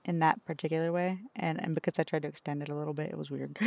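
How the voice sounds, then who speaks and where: A woman's voice: deep voice, fast, creaky, darkish tone, dry recording. A woman streaming as a VTuber, chatting casually and playfully with her viewers in a teasing, talkative way.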